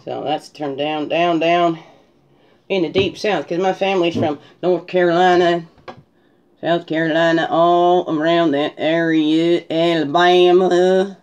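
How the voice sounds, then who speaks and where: A woman's voice: on the low side, steady tone, unhurried, a little mellow, clean tone, highs cut off. A woman talking as a spiritual guide, musing and reflective, often checking in with a "right?" as she prepares a card reading. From Canada.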